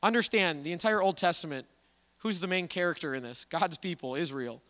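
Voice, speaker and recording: A man preaching a sermon as pastor, talking in a conversational, animated storytelling way. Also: a little high, brisk. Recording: long reverb of a hall.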